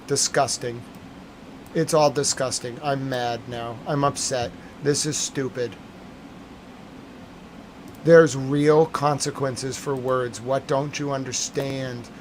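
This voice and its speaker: A man talking on a live stream about breaking news, worked up and insistent, repeating himself as he goes. His voice sits at an ordinary middle pitch. His delivery swings between hurried bursts and slow, heavy stresses. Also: a little mellow, slight background noise. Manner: agitated, emphatic, repeats himself. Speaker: livestream news commentator.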